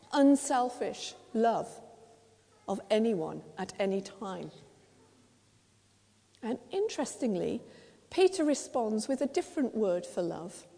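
A woman with an English accent preaching a sermon, telling the story gently and acting out quotes softly. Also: sits high. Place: church. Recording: long church reverb.

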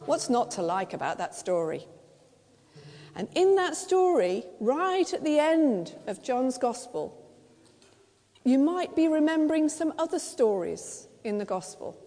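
English woman preacher, gentle storytelling sermon, mellow voice, church reverb. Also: high-pitched, sing-song, measured pace. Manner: gentle storytelling, acts out quotes softly.

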